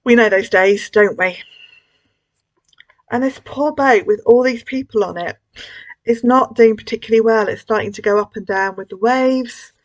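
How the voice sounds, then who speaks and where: A woman leading a school collective worship, telling a story to children in a gentle, expressive way with hushed moments. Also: fairly high pitch, moderate pace, lo-fi sound. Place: church.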